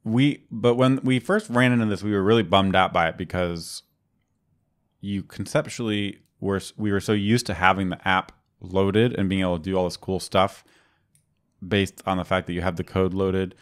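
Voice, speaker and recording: A man with a low voice chats casually as a podcast co-host. He rambles through his points, leaning heavily on fillers and restarting sentences as he goes. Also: steady tone, normal speed. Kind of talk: casual technical chat.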